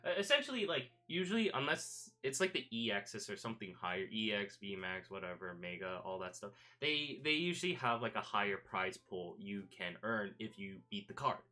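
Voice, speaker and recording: A man's voice: fairly low pitch, big pitch swings, normal speed, few pauses, sharp tone. A man streaming casual chat, rambling through a story with many fillers and restarts. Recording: faint background music.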